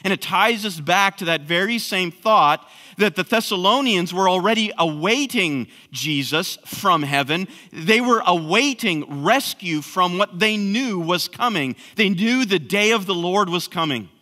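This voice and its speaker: A man's voice: sits high, animated, a little slow, hardly any pauses, bright, forceful tone. A man preaching an expository sermon, emphatic, with frequent restarts. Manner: emphatic, repeats words when restarting. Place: church sanctuary. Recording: long hall reverb.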